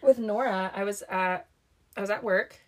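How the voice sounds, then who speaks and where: A young woman co-hosting a casual chat, telling stories in an animated way and acting out what people said. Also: medium pitch, normal speed. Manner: animated, laughing, acts out quotes. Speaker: podcast co-host.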